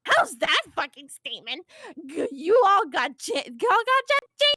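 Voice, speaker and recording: A woman's voice: very high-pitched, very animated, unhurried, pushed and bright, dry recording, exaggerated voice. A woman voicing a brash, cocky teenage troll girl who swaggers, mocks and swears in an amateur audio drama. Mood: defiant rant. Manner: swaggering, profane, mocking.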